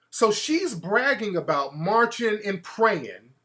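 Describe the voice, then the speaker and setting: Animated, bright-voiced man ranting as host. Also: high voice, moderate pace. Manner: animated, mocking, quotes people in a put-on voice. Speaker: show host. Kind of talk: casual talk-show rant.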